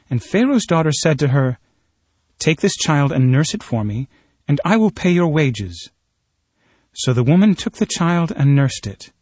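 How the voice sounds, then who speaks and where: A man reading a scripture passage aloud in a steady, measured storytelling voice. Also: medium pitch, husky, no echo.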